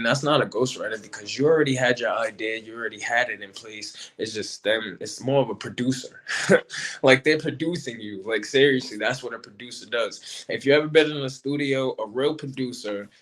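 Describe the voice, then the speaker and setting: Slangy, animated man talking battle rap. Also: mid-range voice, brisk. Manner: animated, slangy, repeats himself. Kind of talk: casual commentary monologue.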